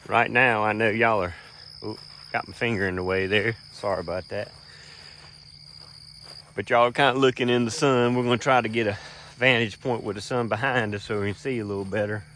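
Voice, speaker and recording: A middle-aged man with a drawl talks his way across a rural field, folksy and rambling, with plenty of fillers. His voice sits a little low but sounds bright and forward. A faint wash of crickets and outdoor ambience sits under his handheld camera audio. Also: steady tone, a little fast, slight background noise. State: a little out of breath while walking. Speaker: land manager filming his dove field. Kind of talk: casual walking vlog narration. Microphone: handheld camera while walking.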